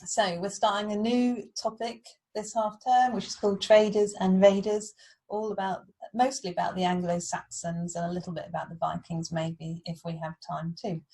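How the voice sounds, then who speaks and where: A woman's voice: medium pitch, flat delivery, normal speed, creaky, warm tone, breathy edge, poor audio. A woman primary school teacher, giving a friendly recorded lesson to children and explaining patiently with small fillers.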